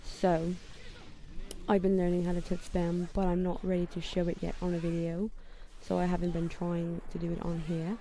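A young woman chats over a match in a deliberately put-on London accent, rambling and poking fun at herself. Her voice sits low for a woman and has a mellow, soft tone. She is recording casual gameplay commentary from her bedroom. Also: monotone, a little hiss or hum. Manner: rambling, self-deprecating. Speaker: gamer.

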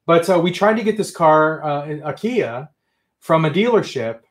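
Male livestream host, excitable and ranty, high lively voice. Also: a little slow. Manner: excitable, ranting, says friggin' often. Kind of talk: casual livestream chat.

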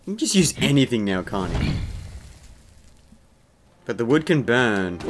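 A man's voice: mid-range voice, very animated, moderate pace, pauses often. A man hosting a let's play, giving casual gameplay commentary in a rambling, jokey way with plenty of swearing. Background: game music.

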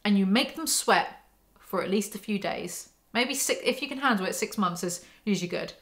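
Sarcastic woman, book recap host, bright edgy tone. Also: mid-range voice, lively intonation, normal speed. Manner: sarcastic, mocking asides. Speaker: book commentary YouTuber. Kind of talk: casual snarky book recap.

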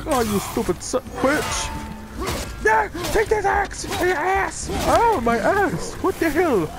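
A man putting on a squeaky cartoon-mouse-style voice, yelling cocky taunts. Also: big pitch swings, measured pace, music in the background, full character voice. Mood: taunting.

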